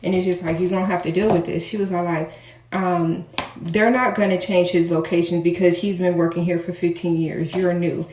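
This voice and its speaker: A woman casually telling a personal story to her viewers, candid and animated as she acts out the dialogue. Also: fairly low pitch, brisk. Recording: echoey room, faint noise.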